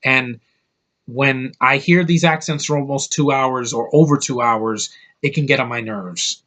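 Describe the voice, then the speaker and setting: A man talks through a movie review in a loose, unscripted way. He is blunt and profane, often stumbling and restarting mid-sentence, at a middling pitch. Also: a little slow, fairly bright tone. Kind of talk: casual spoken review.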